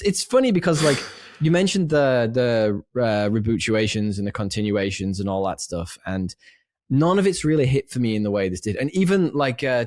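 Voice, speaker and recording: Lively guy, dry room. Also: lowish voice, no room sound. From northern England. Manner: animated, laughs often. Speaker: podcast co-host. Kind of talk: casual film chat.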